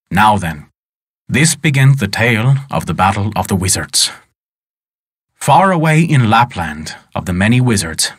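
A male storyteller reading an old folk legend in a measured, unhurried way. His voice sits at a mid pitch and sounds dry and close, with no room around it. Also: fairly bright tone, husky, no echo. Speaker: podcast storyteller. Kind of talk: storytelling narration of a folk tale.

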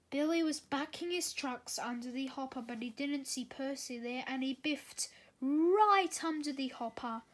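A woman reading a children's storybook aloud, gently, with small slips and restarts. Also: high voice. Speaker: reader.

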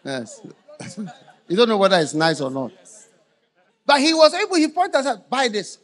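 Animated, high-voiced preacher. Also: male voice, normal speed. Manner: call-and-response questions to the congregation; bursts into shouted emphasis. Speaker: bishop preaching. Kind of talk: live church sermon. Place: large church.

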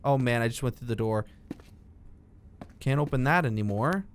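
Animated young man narrating a game. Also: medium pitch, moderate pace, slight background noise. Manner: jokey, talks to himself, bursts into yelps and shouts at the game. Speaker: gaming video creator. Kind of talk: let's-play commentary.

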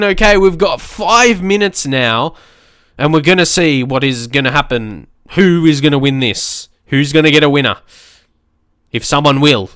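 A man giving excitable let's play commentary on a football management game, shouting at the screen and swearing now and then. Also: a little high, measured pace, smooth, dry recording, clean studio sound. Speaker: gaming YouTuber.

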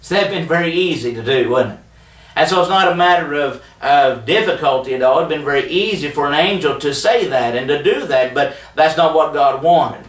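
A man's voice: on the high side, expressive, fairly quick. A man teaching a televised Bible study in a plainspoken, folksy way, with frequent fillers and restarts. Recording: roomy echo, voice a bit distant from the mic.

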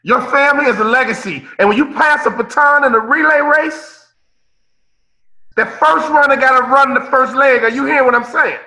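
Man, 50s, motivational keynote speaker, preacher cadence, bright and piercing tone. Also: very high voice, normal speed, rough recording. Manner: preacher-like, repeats phrases, calls out listeners by name. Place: remote keynote on a call.

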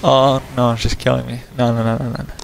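A man giving profane, excitable commentary over his own gameplay, trash-talking opponents and breaking into laughter and yelps. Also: brisk, vocal fry, background noise. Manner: frequent laughter and sudden high yelps. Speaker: gamer recording his own match.

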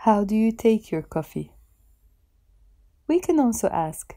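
Slow-spoken Lebanese woman teaching. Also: mid-range voice, very animated, dark tone. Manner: careful, repeats words for pronunciation. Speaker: language teacher. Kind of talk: slow instructional lesson.

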